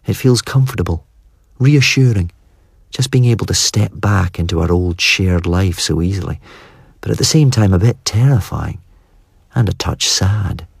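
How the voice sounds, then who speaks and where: A man narrating a first-person audiobook in a wry, measured way. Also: deep voice, vocal fry, slightly rough, no echo, clean studio sound.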